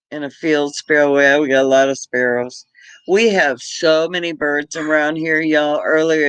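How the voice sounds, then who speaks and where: A middle-aged man from Britain chats slowly and easily through a homestead livestream, greeting viewers by name and laughing often. His voice is bright and sits somewhat high for a man, and the sound is dry and close. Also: dry recording, low-quality recording. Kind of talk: casual livestream chat.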